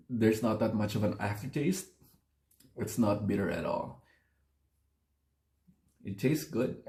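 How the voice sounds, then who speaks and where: A man's voice: on the low side, creaky, mellow, roomy sound. A man, chatting casually and rambling to his phone camera while taste-testing beer at home. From Philippines. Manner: chatty, rambling, self-correcting. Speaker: beer-tasting vlogger.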